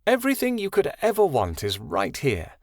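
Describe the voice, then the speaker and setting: A man voicing a scheming villainous king with a slow, sickly sweet drawl. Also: fairly high pitch, wildly swooping pitch, gravelly, dry recording, studio quality, voice pushed up, heavily acted. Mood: coaxing. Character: sinister scheming king, smooth and coaxing.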